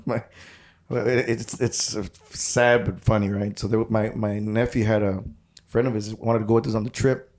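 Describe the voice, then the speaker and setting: A man, a touring musician who is a guest on a podcast, telling road stories in casual chat with halting restarts. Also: lowish voice, flat delivery, darkish tone. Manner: halting, repeats words while telling stories.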